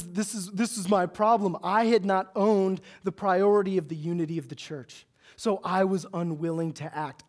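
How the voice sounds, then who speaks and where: Loud, high-voiced preacher giving a sermon. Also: male voice. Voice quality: loud, big voice. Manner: animated storytelling with self-mocking humor.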